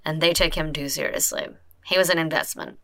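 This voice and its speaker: A woman voicing a calm, guarded female fixer who speaks low, hushed and deliberate in a tabletop game. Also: no room sound. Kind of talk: tabletop role-play voice.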